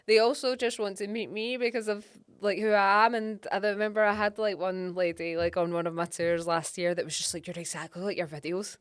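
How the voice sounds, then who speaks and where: A young Scottish woman hosting a casual podcast chat, talking in an animated storytelling way with frequent laughter. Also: medium pitch, brisk, hardly any pauses, clear, resonant tone, no echo, clean studio sound. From Scotland. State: pregnant. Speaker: podcast host and geologist.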